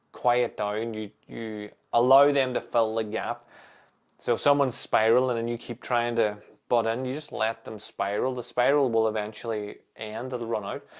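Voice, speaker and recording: A man hosting a solo podcast, talking in a calm, measured way with thoughtful pauses. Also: medium pitch. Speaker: podcast host.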